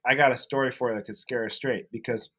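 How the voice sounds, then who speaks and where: A man's voice: mid-range voice, steady tone, fast talker, bright, forceful tone. A man co-hosting a comedy podcast, chatting casually and rambling through a story about his wife. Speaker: podcast co-host. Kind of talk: casual chat.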